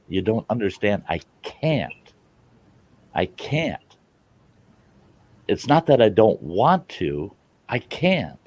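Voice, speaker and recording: Deep slow-talking middle-aged man. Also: a little mellow, no room sound. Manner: earnest, slow and heartfelt. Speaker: channel host. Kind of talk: casual live chat.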